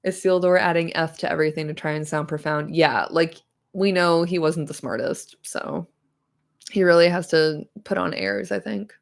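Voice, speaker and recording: A woman reads a fantasy novel aloud for her stream audience, slipping into chatty, joking asides. Her voice is a little nasal and sits lower than most women's. The pacing is relaxed and conversational. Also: normal speed, creaky. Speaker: streamer reading a book aloud. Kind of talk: casual read-along stream.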